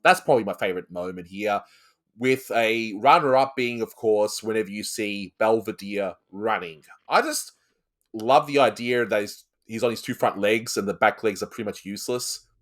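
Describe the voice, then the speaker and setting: Low-ish guy hosting a casual cartoon chat, lots of you-knows. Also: normal speed, fairly bright tone. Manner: chatty, many fillers and laughs. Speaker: host.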